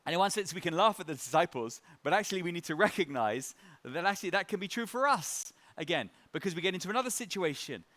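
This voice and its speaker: A man's voice: sits high, animated, fast, fairly bright tone. A middle-aged man preaching a sermon in a light-hearted, conversational way, telling stories and chuckling. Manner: conversational, with frequent fillers and restarts.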